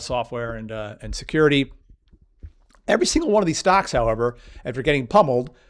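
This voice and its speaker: A man teaching stock market technical analysis, walking through charts and piling up vivid words for emphasis. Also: mid-range voice. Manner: emphatic, piles up vivid synonyms. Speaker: market educator. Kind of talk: chart walkthrough lesson.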